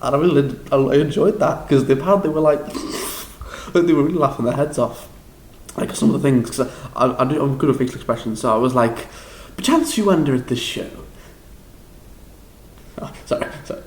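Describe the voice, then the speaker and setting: A young man with a Liverpool accent, recapping a drama school audition in a rambling, excitable, self-deprecating way with lots of restarts. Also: medium pitch, quick pace, reverberant, a little hiss or hum, poor audio. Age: young adult. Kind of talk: casual vlog recap.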